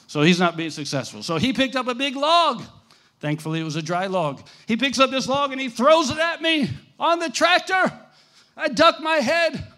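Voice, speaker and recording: A man's voice: extremely high pitch, lively intonation, moderate pace, pushed and bright. A man preaching as a missionary, telling a story to his audience with dramatic flair and frequent questions to them. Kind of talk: animated sermon storytelling.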